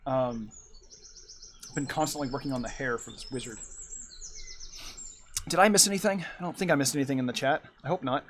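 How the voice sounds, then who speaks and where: A man with a mid-range, fairly bright voice talks briskly with long pauses, and a little hiss or hum sits in the audio. He's an art streamer in his room at home, chatting casually and rambling as he draws and answers his chat.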